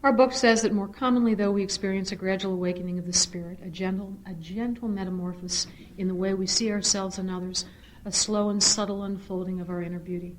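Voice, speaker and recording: A middle-aged woman giving a personal testimony at a recovery meeting. She tells her story in an animated, earnest way and shifts into spiritual reflection. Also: quick pace, slight background noise. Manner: animated storyteller, swings to high excited re-enactment. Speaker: speaker sharing at a recovery meeting.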